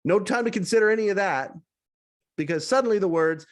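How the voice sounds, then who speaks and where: A man from western Canada, a podcast host, reading a personal essay aloud with animated storytelling and wry asides. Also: sits high, brisk. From British Columbia, Canada.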